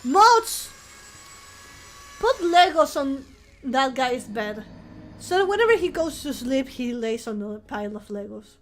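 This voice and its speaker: Soft-spoken high-voiced woman streamer. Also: lively intonation, unhurried. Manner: soft-spoken, playful, chatty. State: recovering from flu, coughing. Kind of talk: casual live-stream chat.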